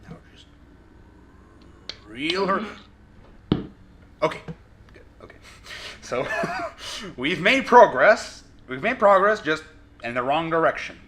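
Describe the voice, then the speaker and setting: A man commenting on his own gameplay, shouting and swearing in frustration between joking asides. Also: on the high side, sing-song, slow pace, pauses often, slight background noise. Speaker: gaming video host. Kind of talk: let's play commentary.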